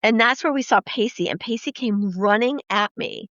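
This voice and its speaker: A woman with a fairly high voice hosts a casual podcast chat. She tells her stories with plenty of swearing and acts out what people said. The sound is dry and a little dull, like lo-fi podcast audio. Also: moderate pace, no room sound. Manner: profane, lively storyteller acting out quotes. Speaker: podcast host.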